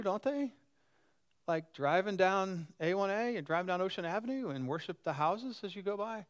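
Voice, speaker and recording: Man in his sixties, pastor, conversational sermon, asks the congregation questions, slightly high voice. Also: moderate pace. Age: 60s. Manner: lively and animated.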